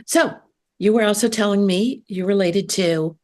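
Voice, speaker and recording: A woman's voice: medium pitch, moderate pace, a little mellow. Chatty older woman host. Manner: chatty, storytelling. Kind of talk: casual chat.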